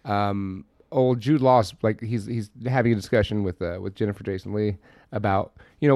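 A man's voice: fairly low pitch, steady tone, normal speed, darkish tone, dry recording, clean studio sound. A man co-hosting a podcast, animatedly retelling film scenes in casual, profane chat. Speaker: podcast co-host. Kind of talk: casual movie-review chat.

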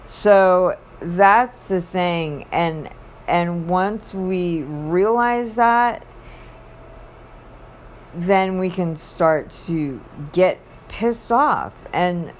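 Woman, low-pitched voice, slow delivery, rambling halting faith talk. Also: a little hiss or hum. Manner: rambling, halting, restarts mid-thought.

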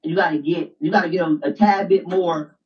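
A man's voice: high-pitched, steady tone, brisk. An insistent man lectures through a heated argument, circling back over the same phrases to hammer his point home. He sits some way back from the microphone. The recording sounds dull and lo-fi. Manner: insistent, repeats himself, lectures. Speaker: debater. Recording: distant dull lo-fi mic.

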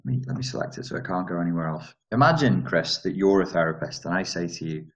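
A man's voice: low voice, expressive, quick pace, low-quality recording. A man hosting a live stream, reading viewer comments and answering them in a rambling, self-interrupting way with wry asides.

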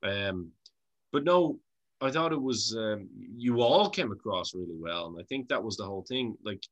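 A man's voice: lowish voice, lively intonation, normal speed. An Irish man hosting a podcast interview, chatty and casual, laughing often and swearing freely. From Ireland. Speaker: podcast host.

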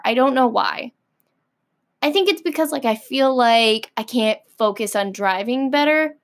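A young woman hosting a solo podcast, ranting in an exasperated, animated way with many fillers. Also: a little high. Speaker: podcast host.

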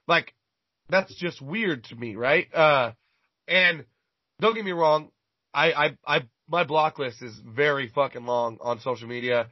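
Husky, profane man telling a story. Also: on the high side, measured pace, dry recording. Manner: profane, rambling, repeats words when starting sentences. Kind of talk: casual chat, crude storytelling. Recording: dull lo-fi recording.

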